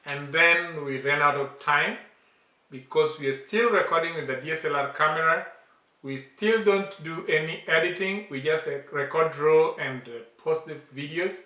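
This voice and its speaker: A man's voice: fairly high pitch, moderate pace, pushed and bright, reverberant. A man teaching a language lesson in a casual way, coaching and correcting pronunciation with emphatic repeats.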